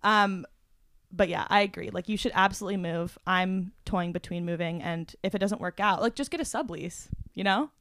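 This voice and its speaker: A woman's voice: lowish voice, normal speed, fairly bright tone, no room sound. Chatty young woman, dry close mic. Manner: chatty, filler-heavy, playful. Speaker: podcast host. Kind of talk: casual chat.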